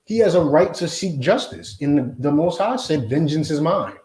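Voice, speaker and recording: A blunt, forceful man preaching a confrontational lesson, and he keeps hammering his points home with repeated questions. His voice sits fairly high for a man. It rings around a reverberant room. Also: animated, normal speed. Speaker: Hebrew Israelite teacher.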